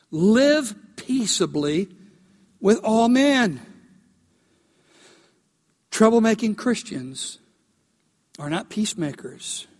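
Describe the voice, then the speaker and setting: A male pastor preaching a sermon, emphatic and animated, rising to loud peaks as he tells a story. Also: high voice. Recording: long hall reverb.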